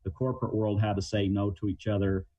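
A middle-aged man with a low, warm, dark voice explains communication plainly, using everyday examples. He talks like an interview guest who trains negotiators. The sound is muffled and lo-fi, as if over a remote line. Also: little pitch movement, quick pace, no echo. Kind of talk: interview answers.

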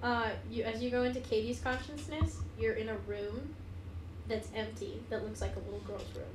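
A woman game master narrates a tabletop session in a loose, chatty way, often breaking into giggles. Her voice sits high. She is a bit far from the mic in a roomy space with faint hiss. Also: steady tone, moderate pace.

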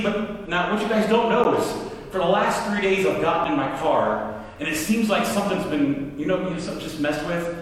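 A man's voice: high-pitched, a little fast. A pastor in his forties telling a story in a sermon, acting out his own anger in quoted lines. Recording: roomy hall, mic at a distance.

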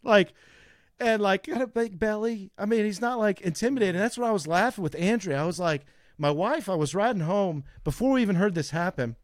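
A man's voice: high-pitched, brisk, no echo, studio quality. A man in his thirties co-hosting a podcast, telling long rambling stories with frequent laughs. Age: 30s. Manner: rambling storyteller, laughs often. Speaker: podcast co-host. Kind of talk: casual chat.

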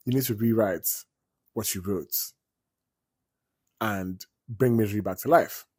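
A man voicing an over-excited woman superfan nurse who talks in a syrupy, sweetly menacing way. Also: fairly low pitch, measured pace, slightly rough, no echo, clean studio sound. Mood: sweetly controlling.

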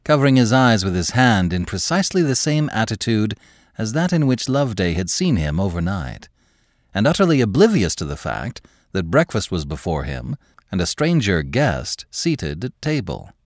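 A man narrating a classic story in a measured, expressive storytelling manner. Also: on the low side, dry recording, studio quality.

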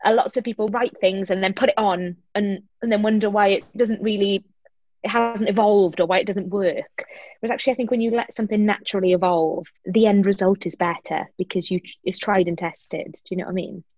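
A stage actress chatting in an interview, lively and talkative, acting out quoted lines as she goes. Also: mid-range voice, fairly quick, no room sound, muffled recording. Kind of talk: casual interview chat.

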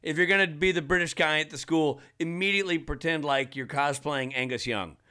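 A man in casual comedic banter who reacts with quick jokes and questions. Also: fairly high pitch, bright, forceful tone, smooth. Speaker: podcast co-host.

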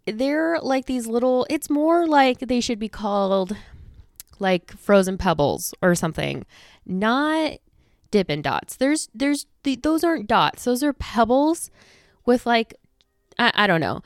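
Breathless chatty woman podcaster, smooth voice. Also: fairly high pitch, expressive, unhurried, no echo, clean studio sound. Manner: chatty, rambling, with many fillers and restarts. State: a little out of breath. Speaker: podcast host. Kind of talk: casual chat. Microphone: studio microphone close to the face.

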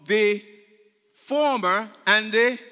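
Male pastor, super bright sharp voice, preaching loud then soft, big echoey church. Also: high-pitched, very slow, clear, resonant tone. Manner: call-and-response preaching, swinging from shouts to hushed tones. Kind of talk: sermon. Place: church sanctuary.

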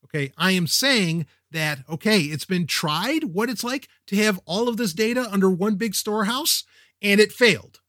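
High-voiced, wisecracking male podcast host. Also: normal speed, dry recording, clean studio sound. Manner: energetic, wisecracking, self-interrupting. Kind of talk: casual tech podcast monologue.

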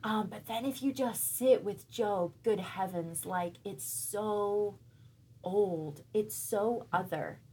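A woman in her thirties, a church member talking about her faith in a thoughtful, searching way, pausing often to find her words. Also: mid-range voice, darkish tone, slightly rough. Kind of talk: reflective faith conversation.

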